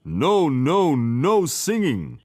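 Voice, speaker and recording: The biggest frog in the pond, bossy and grumpy, barking orders in a loud, gruff, stern voice, as a man puts him on. The pitch leaps around with a lot of life, like a storybook character. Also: wildly swooping pitch, slow, full character voice. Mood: scolding. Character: big bossy grumpy old male frog.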